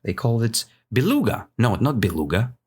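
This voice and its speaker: A man's voice: on the low side, moderate pace, husky. A man from Russia with a Russian accent, teaching English by telling a story and checking in with "right?" after almost every phrase. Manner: animated, keeps checking in with "right?".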